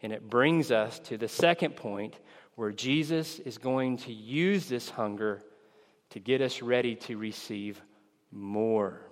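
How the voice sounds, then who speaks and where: A man preaching a sermon in an earnest, measured way, stressing key words and acting out the disciples' words in a raised, excited voice. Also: mid-range voice. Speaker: pastor. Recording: long hall reverb.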